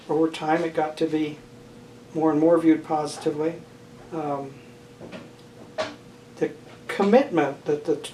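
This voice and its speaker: An older man answers interview questions about family and marriage in a measured, halting way, often pausing and restarting his sentences. He is heard from some distance in a roomy space. A faint background hiss sits under the voice. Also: a little high, a little mellow. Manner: thoughtful, halting, many fillers and restarts. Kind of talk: oral history interview.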